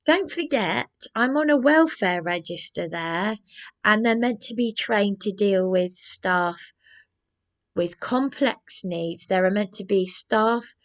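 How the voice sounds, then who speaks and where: A woman's voice: mid-range voice, slow pace. A woman with an agitated, aggrieved manner, rambling through a personal vlog monologue. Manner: agitated, aggrieved ranting with many restarts. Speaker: vlogger.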